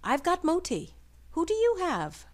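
A woman voicing a friendly, nosy female neighbor in a video game, chatty and gently prying. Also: extremely high pitch, wildly swooping pitch, a little slow, full character voice. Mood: caring. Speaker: game character voice.

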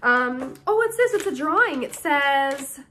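Young woman vlogger, high and bright, excitable, gushing casual chat. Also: unhurried, slight background noise. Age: young adult. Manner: bubbly and excitable, gushing with thanks. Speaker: YouTuber opening fan mail.

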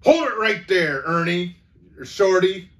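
Snarling old granny in a told story, high and shrill, voiced by a man, mic set back. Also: lively intonation, a little slow, a bit bright. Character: fierce old grandmother defending her home. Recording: voice from far off the mic.

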